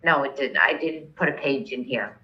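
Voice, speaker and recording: Over a video call, a woman instructor patiently walks her online class through the steps, checking in with "okay?" along the way. Her voice is a rumbling low at normal speed, and the highs are cut off.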